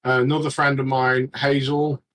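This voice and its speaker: A man chatting casually as a regular on a podcast, rambling and halting with many restarts. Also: mid-range voice, flat delivery, a bit bright, poor audio. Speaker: regular panelist.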